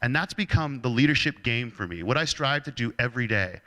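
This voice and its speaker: A man giving a motivational talk to an audience, telling a humorous personal story in a lively, joking storyteller's manner. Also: medium pitch, a little fast. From Canada. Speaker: keynote speaker.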